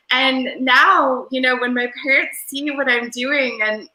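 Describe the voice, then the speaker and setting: A woman's voice: high voice, steady tone, normal speed, hardly any pauses, pushed and bright. A woman guest in a casual interview, talking in an airy, Valley-girl-like way that rambles with lots of fillers, over a video call. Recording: roomy echo.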